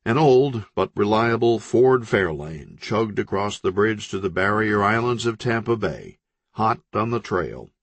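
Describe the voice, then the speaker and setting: A man reading a crime novel aloud as an audiobook narrator, expressive and voicing each character. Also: on the low side, a little slow, no echo. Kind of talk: scripted narration.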